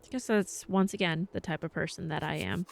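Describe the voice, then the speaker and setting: A woman's voice: on the low side, brisk, vocal fry. A woman live-streaming, telling a rambling story in casual chat and swearing freely.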